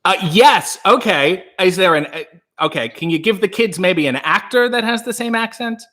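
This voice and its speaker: A man's voice: high voice, animated, normal speed, fairly bright tone. A man hosting a casual livestream, rambling and joking while he reads out chat comments. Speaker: livestream host.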